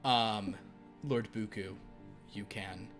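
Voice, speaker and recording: A man narrating as game master of a tabletop role-playing game, lively and jumping into character voices. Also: takes it slowly, faint music behind. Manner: animated, breaks into high character voices.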